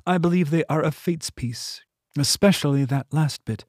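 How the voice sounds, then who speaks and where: A man voicing a calm, mystical queen. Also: medium pitch, normal speed, no echo, studio quality, natural voice. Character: calm female monarch, gentle and mystical.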